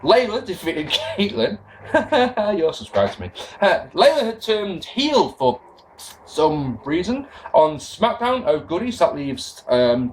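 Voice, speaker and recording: Young guy ranting sarcastically about wrestling, lively up and down voice, bit of hiss behind. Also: high-pitched. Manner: sarcastic, swearing, animated rants. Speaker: wrestling podcast host. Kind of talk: casual show recap with sarcastic commentary.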